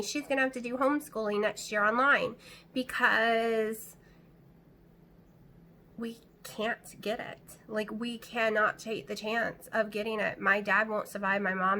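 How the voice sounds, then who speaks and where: Middle-aged woman talking to camera from home, fairly high and very bright voice, anxious and rambling. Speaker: vlogger. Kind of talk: casual chat to camera. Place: at home, indoors.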